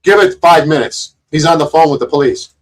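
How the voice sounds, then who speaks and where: A man's voice: fairly high pitch, a little fast. A man giving casual, sarcastic commentary on a video, mocking the people in it and swearing freely. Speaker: co-host reacting to a video.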